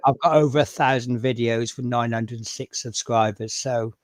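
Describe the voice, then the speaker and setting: A man's voice: medium pitch, steady tone, moderate pace, no room sound. A man with a Norfolk accent hosting a live stream, talking in a chatty, rambling, self-deprecating way. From Norfolk, England. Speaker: stream host. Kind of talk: casual live-stream chat.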